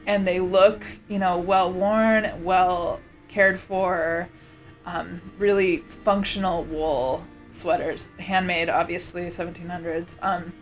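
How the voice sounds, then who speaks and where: A woman vlogger chatting casually, rambling with many fillers and restarts. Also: on the low side. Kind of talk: casual chat.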